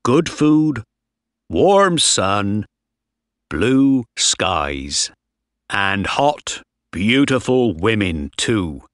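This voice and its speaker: Casting: man playing a rowdy sailor, loud and lively, rough cheer. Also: lowish voice, drawn-out words, no echo, studio quality, heavily acted. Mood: boisterous. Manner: boisterous, laughing. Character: bawdy, cheerful male sailor.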